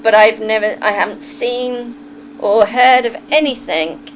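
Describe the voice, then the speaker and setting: Slow-talking Kentish woman streamer. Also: fairly high pitch, a little hiss or hum, poor audio. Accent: Kentish English. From England. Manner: chatty, opinionated, talks straight to chat. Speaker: livestreamer. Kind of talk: casual livestream chat with viewers.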